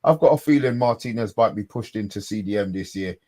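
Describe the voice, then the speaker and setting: A man co-hosting a live fan stream, excitable and slangy, often repeating himself. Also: on the low side, fast. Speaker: podcast co-host.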